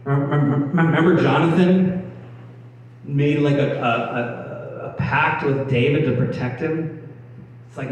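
Earnest preacher, echoey hall from far. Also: male voice, on the high side, takes it slowly, long pauses. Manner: earnest, emphatic, repeats key points. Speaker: pastor. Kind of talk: sermon. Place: church hall. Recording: echoey hall from a distant mic.

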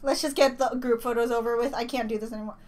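A woman hosting a fan reaction video, gasping, squealing and repeating words in excited disbelief. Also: a little high, quick pace, slight background noise.

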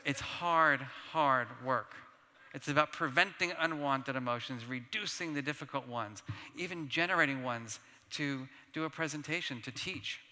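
A man giving a conference plenary talk, telling personal stories in an animated, self-deprecating way with laughs. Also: mid-range voice, normal speed. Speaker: keynote speaker. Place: large conference hall. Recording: long reverb of a large hall.

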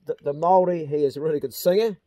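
A man's voice: fairly high pitch, rapid-fire, mellow, dry recording. A middle-aged man with a New Zealand accent, hosting a cheeky, casual chat and swearing freely. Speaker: host.

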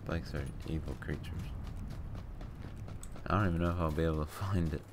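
A man streaming a game, chatting quietly and joking with a teammate. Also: very deep voice, fairly even intonation, brisk. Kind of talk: casual gaming chat. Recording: noisy stream audio.

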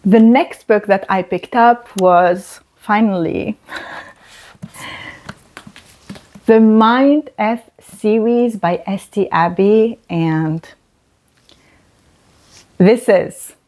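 A woman talks through her monthly reading at a slow, deliberate pace. Her voice sits at a medium pitch, and she stresses her points by repeating words, as in a casual book review video. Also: darkish tone.

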